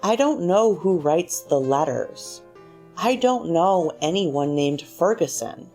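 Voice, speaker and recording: A woman reading as a quiet, withdrawn wife. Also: lowish voice, expressive, slow. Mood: guarded. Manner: quiet, without emotion. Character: withdrawn, flat-voiced wife, middle-aged woman. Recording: faint music underneath.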